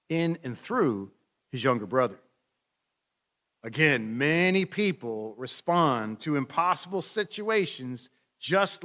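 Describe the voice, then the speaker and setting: A middle-aged male pastor delivers a sermon with a lively, swinging voice that rises and falls a great deal. He tells the story conversationally and drops in playful asides. His voice sits a little high for a man.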